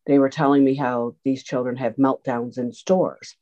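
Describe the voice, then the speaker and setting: A woman telling stories in an interview, lively, acting out the voices of the people she quotes. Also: a bass voice, normal speed. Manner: animated storyteller, acts out quoted voices. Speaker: guest, autism program organizer. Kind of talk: storytelling interview answers. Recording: dull lo-fi sound.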